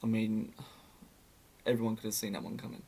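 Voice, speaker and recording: A man's voice: fairly low pitch, level tone, brisk, creaky, dark tone, husky. A young man telling a story in a casual, sarcastic way, often laughing at it.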